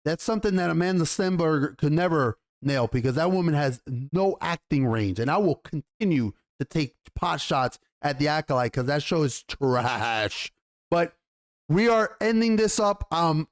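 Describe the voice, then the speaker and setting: A man giving a casual episode review, rambling and excitable, blunt and quick to swear. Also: on the high side. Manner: rambling, excitable, acts out lines.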